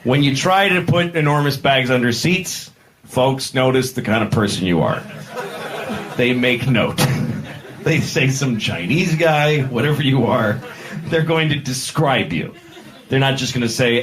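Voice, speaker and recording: A man doing a stand-up comedy set, rambling and breaking off mid-sentence, acting out characters with sudden shouts. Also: medium pitch, lively intonation, unhurried. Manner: rambling, self-interrupting, acts out characters with shouts. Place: comedy club stage with audience. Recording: noisy live club recording.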